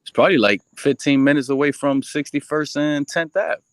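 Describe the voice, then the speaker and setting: Relaxed man in a dry, close recording. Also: fairly high pitch, a little fast, no echo. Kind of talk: casual chat.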